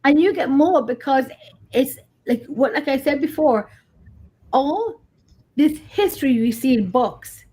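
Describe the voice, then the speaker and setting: A woman's voice: high-pitched, expressive, unhurried, mellow. A middle-aged woman, a paranormal investigator chatting casually and animatedly, acting out dialogue and swearing. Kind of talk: casual chat.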